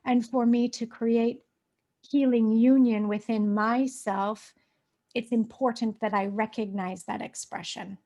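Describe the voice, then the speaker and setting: A woman's voice: fairly high pitch, fairly even intonation, measured pace, mellow. A woman hosting a casual spiritual conversation over a video call, rambling with fillers, restarts and light laughs. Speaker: host.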